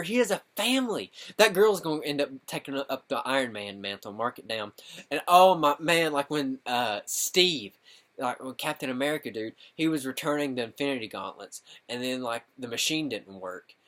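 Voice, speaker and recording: Excitable young man, bright voice. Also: a little high, normal speed. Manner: rambling, excitable, constant "dude" and "like". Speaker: gaming channel host reviewing a film. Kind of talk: excited casual movie review.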